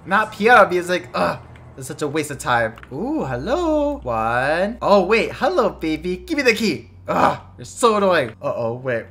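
A woman hosting a game video, narrating her play with excited, dramatic exclamations. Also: medium pitch. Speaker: game video host and player.

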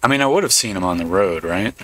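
A man giving relaxed let's play commentary, swearing casually as he plays. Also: deep voice, fast, slight background noise. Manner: laid-back, swears casually. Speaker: gamer.

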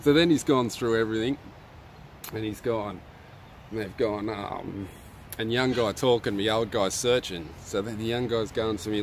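A young Australian man telling a story to his viewers in a relaxed, slangy way. He laughs often, and his voice jumps up when he gets excited. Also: fairly low pitch, normal speed, slight background noise. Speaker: vlogger. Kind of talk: casual storytelling to live viewers.

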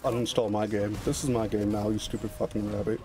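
A young man joking crudely and teasing a friend over voice chat while gaming, with sudden loud outbursts and frequent laughter. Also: lowish voice, flat delivery, a little fast. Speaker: gamer and channel host.

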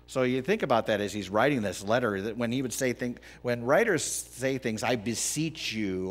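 A middle-aged man preaching a sermon as pastor, pausing often and rising to loud, emphatic peaks. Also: on the low side, lively intonation.

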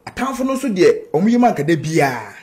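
Earnest Ghanaian man, high voice. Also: fast. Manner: mixes Twi and English, earnest and steady. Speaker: gospel singer's manager. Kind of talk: casual interview answers.

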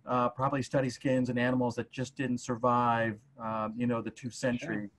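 A man's voice: medium pitch, little pitch movement, fairly quick. A man, a museum curator, speaking hesitantly with many filler sounds in a casual livestream discussion.

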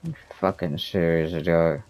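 Slow, deep-voiced, cursing gamer guy. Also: muffled recording. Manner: frustrated, heavily profane muttering. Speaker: gaming streamer. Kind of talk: casual gameplay commentary.

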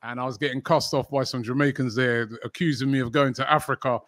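A man's voice: medium pitch, fairly even intonation, quick pace, a bit bright, no room sound. Chatty English man, dry close sound. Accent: London English. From England. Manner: chatty, frequent fillers and restarts. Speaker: football channel host, interview guest. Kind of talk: casual interview conversation.

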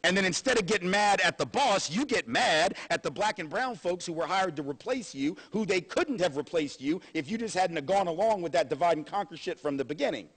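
A man lecturing at a university with an animated, sarcastic energy. He talks conversationally, in a fairly high voice. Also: brisk, few pauses, slightly rough. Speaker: guest lecturer. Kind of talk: public lecture.

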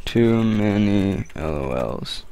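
A man giving casual, rambling gaming commentary while he plays, joking and getting excited at the action. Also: fairly low pitch, takes it slowly. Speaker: gameplay commentator.

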